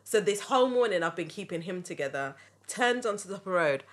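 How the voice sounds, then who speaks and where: A woman hosting a podcast, telling family stories in a lively, laughing way. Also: fairly low pitch, quick pace. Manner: lively, laughing, animated retelling. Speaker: podcast host. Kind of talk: casual storytelling chat.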